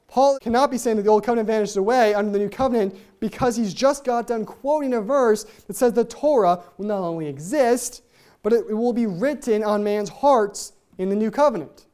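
A Bible teacher works through scripture verse by verse, speaking in quick bursts that trip over their own words. Key ideas come back again and again so they sink in. The voice is mellow and warm, sitting at a middle pitch. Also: smooth. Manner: talks very fast, trips over own words; repeats key points for emphasis.

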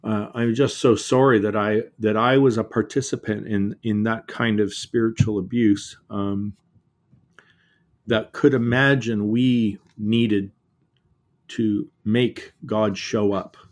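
A middle-aged man, an author and guest in a reflective conversation, speaking earnestly and often halting and repeating words. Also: fairly low pitch, steady tone.

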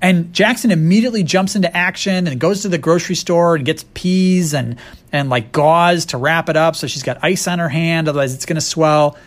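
A man's voice: fairly high pitch, brisk. A man co-hosting a casual movie discussion, making wry, sarcastic asides. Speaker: podcast co-host.

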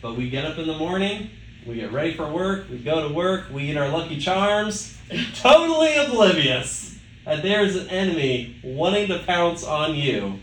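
Conversational preacher in an echoey hall. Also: male voice, fairly high pitch, sing-song, normal speed, a bit bright, a little hiss or hum. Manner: conversational, with rhetorical questions. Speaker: pastor. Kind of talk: sermon. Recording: echoey room with faint ambience.

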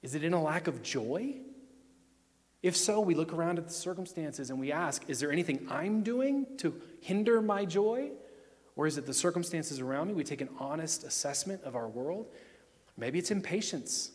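A man's voice: a little high, expressive, normal speed. Emphatic preacher man in a reverberant hall. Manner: emphatic, swinging between loud and hushed. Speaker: pastor. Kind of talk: sermon.

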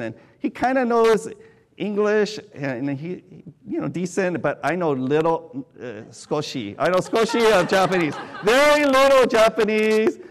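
Guy from california preaching, kinda high voice, gets loud and excited then drops real quiet. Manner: animated, swinging from loud excited bursts to quiet hushed tones. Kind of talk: sermon storytelling.

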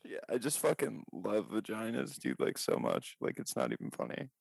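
A man's voice: on the low side, wildly swooping pitch, moderate pace, gravelly, breathy edge, dry recording. A young man co-hosting a podcast, teasing and laughing through crude banter. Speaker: podcast co-host.

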